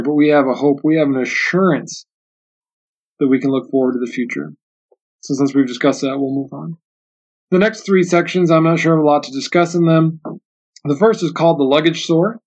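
A man hosting a solo book discussion podcast, speaking in an earnest, reflective way and often restarting his sentences, and reading passages aloud slowly and carefully. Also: fairly high pitch, darkish tone. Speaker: podcast host. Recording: dull, muffled lo-fi audio.

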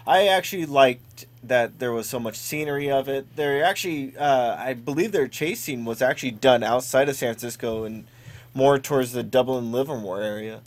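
A man in a casual movie discussion, chatty and jokey, quick to argue a point. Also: medium pitch.

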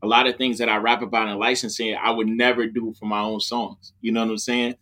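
A man, a rapper who works in music licensing, talking in an animated casual podcast conversation, often adding "you know what I'm saying". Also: lowish voice, quick pace.

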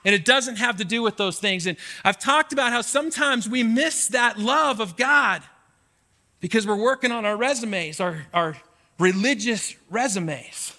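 A man in his forties preaching a sermon, his voice pitched very high and bright. He talks in an animated way, acting out pleading prayers to God. The sound carries a long reverb, as in a big church sanctuary. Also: measured pace. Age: 40s. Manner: animated, acts out prayers to God with rising intensity. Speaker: pastor.

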